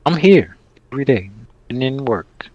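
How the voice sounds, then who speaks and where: A man's voice: medium pitch, big pitch swings, normal speed, a little mellow, dry recording, dull audio. Fired-up guy ranting on a podcast, cussing a lot, dry close mic. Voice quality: heated, profane, rambling. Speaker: podcast host. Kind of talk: casual podcast debate.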